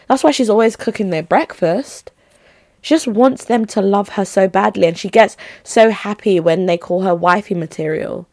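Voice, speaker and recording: A young woman hosting a solo podcast, chatty and opinionated, her pitch jumping high when she makes a point. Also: no room sound. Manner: chatty, gossipy and opinionated, with lively pitch jumps. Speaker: podcast host. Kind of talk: casual solo podcast chat.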